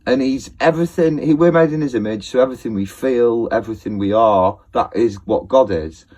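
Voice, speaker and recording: This video blogger talks to his viewers in a brisk, mid-range voice that's a little mellow. His casual monologue rambles and is hesitant, packed with fillers and restarts, and he laughs often.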